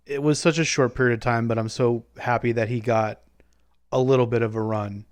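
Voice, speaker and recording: A man co-hosting a podcast in casual chat, telling anecdotes with quick asides. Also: medium pitch, steady tone, clear, resonant tone, no echo. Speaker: podcast co-host.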